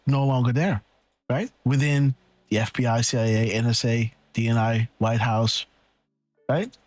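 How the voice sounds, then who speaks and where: A man hosting a live decode show, rambling excitedly and thinking aloud, checking in with "right?" and "okay.". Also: mid-range voice, dry recording. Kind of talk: casual live-stream commentary.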